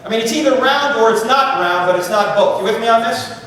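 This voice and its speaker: In a big university lecture hall, a wisecracking middle-aged man, the guest speaker, delivers a funny lecture to a live crowd, chatting casually and throwing in quick asides. His voice is higher-pitched and a bit bright, recorded from a distance with heavy hall reverb and slight background noise.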